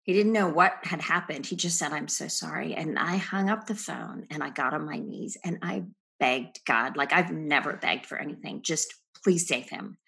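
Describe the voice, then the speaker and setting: Husky low-voiced woman telling her story. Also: moderate pace. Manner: reflective, earnest storytelling with soft trailing phrases. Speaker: podcast guest. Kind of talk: personal testimony in a podcast interview.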